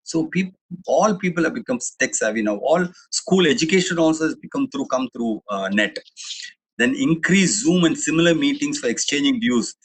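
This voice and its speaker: A man's voice: a little high, lively intonation, normal speed, slightly rough, rough recording. A middle-aged man with an Indian English accent giving a chatty, digressive webinar talk, full of restarts and fillers. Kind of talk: anecdotal public talk.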